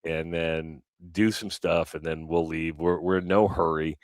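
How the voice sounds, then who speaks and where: Deep-voiced man telling a radio story. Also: measured pace, no room sound, clean studio sound. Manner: animated, acts out quoted voices. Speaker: radio co-host. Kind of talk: casual storytelling on morning radio.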